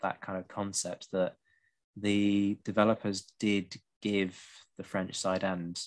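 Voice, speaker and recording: A man hosting a podcast, talking through a strategy game in a measured way with dry historian's asides. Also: sits low, little pitch movement. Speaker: podcast host. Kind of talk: casual discussion while playing.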